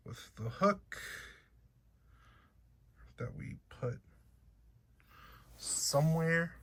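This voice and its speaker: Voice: medium pitch, expressive, extremely slow, fairly bright tone. A chatty unboxing vlogger with a slight accent who talks playfully to viewers and cracks jokes along the way. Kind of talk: casual unboxing chat.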